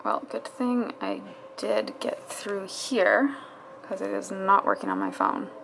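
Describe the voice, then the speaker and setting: Fitness vlogger lady, kinda gravelly, swearing at a website, noisy room behind her. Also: medium pitch, big pitch swings, slow pace, fairly bright tone. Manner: exasperated, swearing, talking to herself at a screen. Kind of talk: casual vlog commentary.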